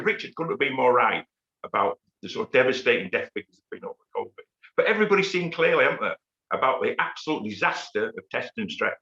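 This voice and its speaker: Bright-voiced man in a roomy echo. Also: medium pitch. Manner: impassioned, anecdotal, repeats words when pushing a point. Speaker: union activist speaker. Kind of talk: campaign rally speech. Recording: echoey room, dull lo-fi sound.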